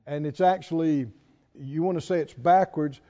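A man preaching a sermon, folksy and emphatic, drawing out scripture quotes slowly and asking his listeners questions. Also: a little high, mellow. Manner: folksy, asks the audience questions. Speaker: pastor. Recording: dull lo-fi recording in a reverberant hall.

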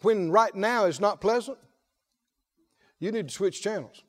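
A male pastor preaching a lively sermon, often laughing and calling out to the congregation. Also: sits high, a little slow. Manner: animated, laughing, call-and-response preaching.

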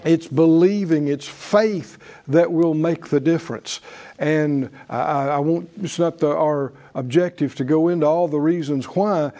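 A man's voice: a little high, fairly even intonation, unhurried, mellow. A man teaching a faith class in a conversational sermon style, with frequent fillers and restarts, leading his audience in call-and-response.

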